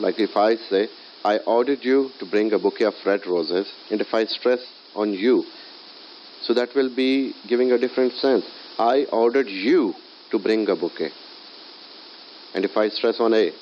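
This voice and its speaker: Male teacher, low voice, halting lecture with fillers, dull lo-fi audio, faint hiss. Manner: hesitant, many filler sounds. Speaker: English teacher. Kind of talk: recorded lecture.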